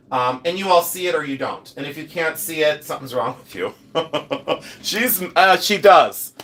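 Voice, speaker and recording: A man's voice: a little high, fairly bright tone. A middle-aged man hosting a live stream, chatting with viewers and thanking them by name in an effusive, rambling way. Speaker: livestream host selling vintage jewelry.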